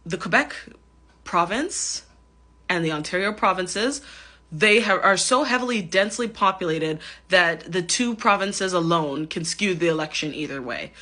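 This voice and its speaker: A woman's voice: fairly low pitch, lively intonation, moderate pace, pushed and bright. A woman giving casual commentary on camera, chatty and giggly, with lots of ums and hedging, recorded on a phone. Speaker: vlogger reacting to a clip.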